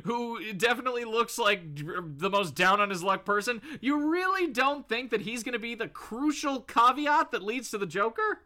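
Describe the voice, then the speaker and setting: A man's voice: very high voice, animated, normal speed, few pauses, sharp tone. A man co-hosting a casual podcast, animatedly retelling a comic and laughing often. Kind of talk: casual chat.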